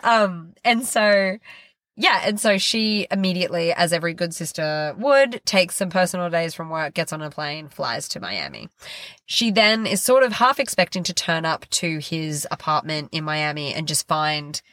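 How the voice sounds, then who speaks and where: A woman co-hosts a book podcast, her voice sitting on the low side and recorded dry and close. She chats casually, tossing in quick self-deprecating asides. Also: lively intonation, fairly bright tone, dry recording. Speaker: podcast co-host. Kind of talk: casual book-review chat.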